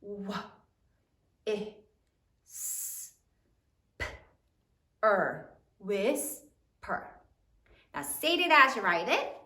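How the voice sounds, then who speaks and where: A woman's voice: medium pitch, sing-song, drawn-out words, long pauses, pushed and bright, far from the mic. A woman teaching a third grade spelling lesson, sounding out words letter by letter in a sing-song way. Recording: echoey room, voice off-mic.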